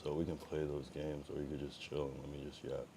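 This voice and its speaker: Young guy streaming from home, super deep voice, cussing and rambling at chat, faint room hum behind. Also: completely flat delivery, quick pace. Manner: profane, rambling, with bursts of loud taunting and dips to a mutter. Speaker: livestreamer. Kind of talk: casual live-stream chat reacting to viewers.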